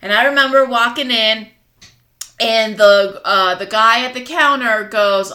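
A woman's voice: a little high, unhurried, pushed and bright. A woman co-hosting a casual chat, telling frank, profane stories and laughing along. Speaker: podcast co-host. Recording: echoey room.

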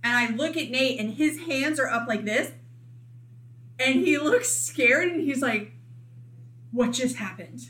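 A woman telling a candid personal story in casual chat, animated and acting out what people said. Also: sits high, measured pace, a little hiss or hum. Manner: candid, animated, acts out quotes.

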